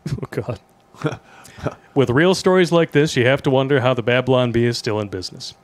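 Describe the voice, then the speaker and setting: A man's voice: mid-range voice, fairly quick. A man co-hosting a podcast, reading out news stories with mocking jokes and frequent laughter. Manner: joking, laughing at his own jokes, mocking. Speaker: podcast co-host. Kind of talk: casual comedic news commentary.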